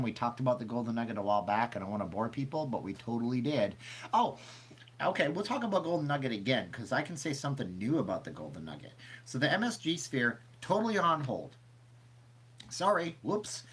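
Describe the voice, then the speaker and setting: A rambling man chatting on a casual livestream, his voice sitting in an ordinary middle pitch. He reads viewers' questions aloud and wanders from topic to topic, a little sniffly from seasonal allergies. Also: a bit bright. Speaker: channel host answering live chat.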